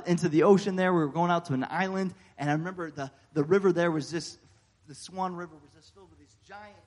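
American preacher guy, slightly high voice, chatty storytelling sermon, lots of uh and amen. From United States. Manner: folksy, animated storytelling with frequent "uh" and "amen". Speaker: pastor.

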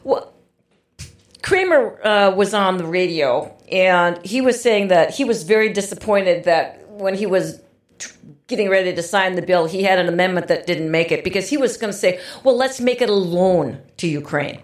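A woman's voice: lowish voice, moderate pace, reverberant. A woman hosting a political podcast interview, talking in a sarcastic, mocking way. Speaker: podcast host. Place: podcast studio.

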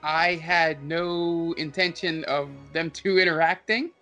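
A man with a slightly raised pitch hosts a casual tabletop podcast. He rambles warmly, packing his talk with "um" and "uh" as he praises his players. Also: fairly even intonation, slow, soft background music. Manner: rambling, filler-heavy, enthusiastic. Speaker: podcast host and game master.

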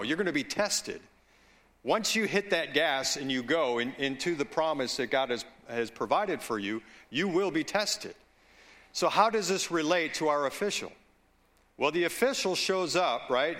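A man preaching in a bright, clear-edged voice, taking his time over each phrase. He mixes personal stories into the sermon and checks in with the congregation as he goes. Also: fairly high pitch, expressive. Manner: slow, deliberate preaching with asides and call-outs to the congregation. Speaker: pastor.

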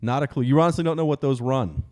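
A man's voice: mid-range voice, fast, dark tone. A man hosting a comedy radio show, telling news stories with self-deprecating jokes and frequent laughter. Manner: joking, self-deprecating storyteller, laughs mid-sentence.

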